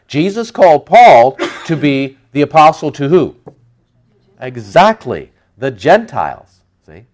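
A man giving a conversational Bible teaching, asking his listeners rhetorical questions and reading scripture aloud louder and slower. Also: a little high.

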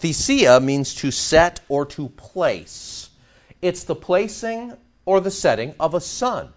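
A man's voice: a little high, animated, slow pace. A man preaching an expository sermon, emphatic and full of rhetorical questions. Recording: dull lo-fi recording.

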